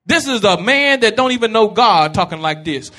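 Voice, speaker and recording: Brief: male preacher, very high voice, bright and forceful, shouts in repeating rhythmic bursts. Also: animated, moderate pace. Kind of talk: sermon.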